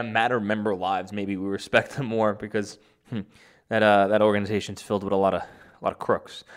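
A man giving opinion commentary in a sarcastic, rambling way, chuckling often. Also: on the low side. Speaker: political commentator.

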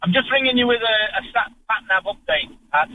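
A man's voice: high voice, lively intonation, fairly quick, narrow, tinny audio. A man with a Scouse accent calling in to a radio show, cheeky and teasing. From Liverpool. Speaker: caller. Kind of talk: casual radio call. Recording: faint noise, in a vehicle.

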